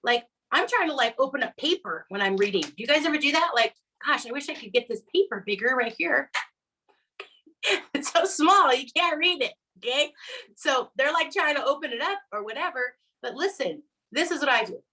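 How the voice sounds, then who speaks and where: A woman's voice: sits high, expressive, normal speed, sharp tone, rough recording. A middle-aged woman, a sales director, giving her team a chatty, upbeat coaching talk and checking in with "right?" and "okay?" all the time. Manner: acts out quoted customers in put-on voices.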